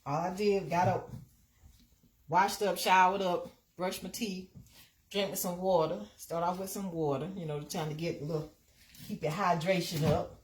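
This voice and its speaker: A woman's voice: fairly low pitch, fairly even intonation, normal speed. Chatty woman hosting a live stream. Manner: chatty, repeats herself, talks to viewers by name. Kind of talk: casual live-stream chat.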